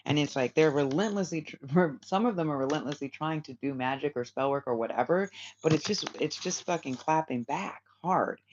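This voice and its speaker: A tarot reader who hosts a channel gives viewers a casual spiritual reading, rambling, repeating phrases and using lots of fillers. The voice is mid-range and at normal speed. The lo-fi recording is slightly dull, with a faint hiss.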